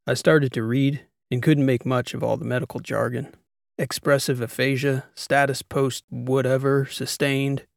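Gravelly male audiobook narrator. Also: medium pitch, no room sound, clean studio sound. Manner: wry, conversational storytelling. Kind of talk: first-person sci-fi audiobook narration.

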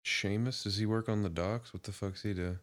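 A man's voice: on the low side, steady tone, a little fast, no echo. A man co-hosting a podcast, chiming in with dry, short comments. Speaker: podcast co-host. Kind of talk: casual chat.

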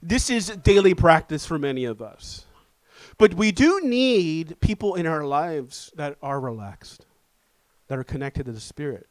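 A man with a fairly high voice preaches a sermon, telling a lively, self-deprecating story to his congregation. The sound is close and dry, with little room echo. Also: unhurried. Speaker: pastor. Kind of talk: sermon with humorous personal story.

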